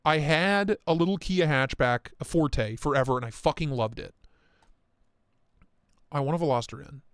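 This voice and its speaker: A man hosting a casual live stream, talking in excitable, profane, rambling rants. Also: fairly high pitch, moderate pace, clean tone, no echo, studio quality. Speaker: livestream host.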